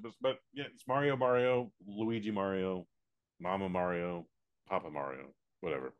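An American man co-hosting a podcast, reviewing a movie in casual, profane chat with quick silly voices. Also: low-pitched. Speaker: podcast co-host.

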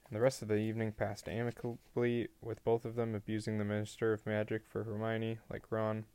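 Low-voiced man reading a novel aloud. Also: brisk, smooth, no echo. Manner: plain, even storytelling with occasional slips. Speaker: audiobook reader.

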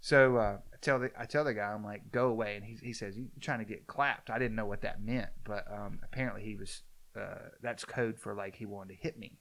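A man telling a story in casual chat, acting out the quoted lines with a loud, animated voice. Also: lowish voice, a little fast.

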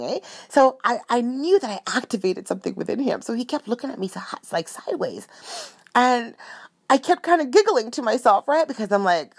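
Animated woman telling a personal story. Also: mid-range voice, brisk. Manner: animated, often asking "right?" and "you know?". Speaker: storyteller sharing a spiritual anecdote. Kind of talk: casual storytelling monologue.

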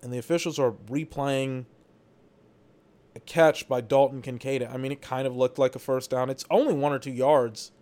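A man watches a football game for his podcast, giving rambling, exasperated commentary and swearing now and then. His medium-pitched voice is steady and darkish in tone, at a normal speed.

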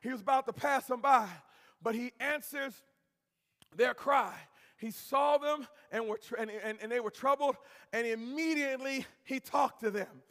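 High-voiced pastor preaching in a reverberant hall. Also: male voice, normal speed. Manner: impassioned, swings from low to shouted; call-and-response with congregation. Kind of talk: preached sermon. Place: church sanctuary. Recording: long church-hall reverb.

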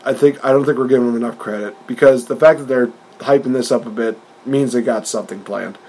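A man co-hosting a wrestling podcast in casual chat, talking with animated energy, laughing often and acting out quotes in a raised voice. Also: mid-range voice, fast talker, poor audio. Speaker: podcast co-host.

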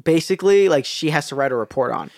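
A man's voice: on the high side, expressive, fast, a little mellow, no echo. Gossipy young man, dry close sound. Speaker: podcast co-host. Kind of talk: casual chat.

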